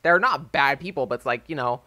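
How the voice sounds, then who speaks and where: A man's voice: medium pitch, lively intonation, a little fast, pushed and bright, no echo. A man in his early twenties telling a loose, rambling story over gameplay, full of "like" and "um". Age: early 20s. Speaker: gaming YouTuber. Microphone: desk microphone with a phone as backup.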